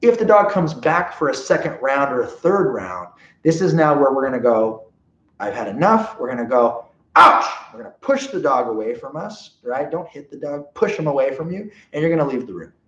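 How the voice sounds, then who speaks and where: Animated man teaching dog training. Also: mid-range voice, moderate pace. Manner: animated, checks in often with okay and right. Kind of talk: live training seminar. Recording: roomy, dull lo-fi sound.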